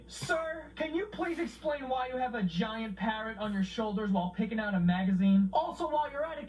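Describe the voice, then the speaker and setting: A man's voice: very high voice, recorded from a distance, muffled recording. Man mocking people with swearing disbelief. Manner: incredulous, mocking, swears a lot. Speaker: comedy commentator. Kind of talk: profane comedic commentary.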